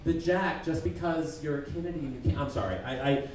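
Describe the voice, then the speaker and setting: Man, stand-up roast, sick and halting, self-deprecating, far-off mic, echoey room. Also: on the high side. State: sick, congested. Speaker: stand-up comedian. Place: comedy club stage. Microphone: stage mic at a distance. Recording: echoey stage from far off, crowd laughter.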